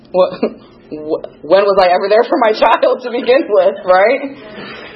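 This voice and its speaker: A woman's voice: on the high side, animated, a little slow, lo-fi sound, slight background noise. A young woman giving a candid, self-deprecating recovery testimony, laughing at her own past. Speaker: recovery speaker sharing her story.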